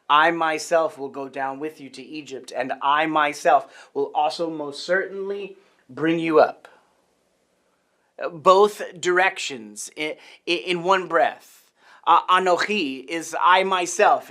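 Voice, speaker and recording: A man's voice: on the high side, bright, forceful tone. A man preaching a sermon, teaching earnestly and restarting his phrases. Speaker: pastor.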